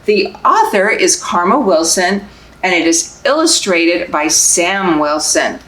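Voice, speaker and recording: A young woman, a librarian, reading a picture book aloud and singing nursery songs for babies, in a sing-song, animated way. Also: on the low side, takes it slowly, roomy sound, rough recording. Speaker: children's librarian hosting baby story time.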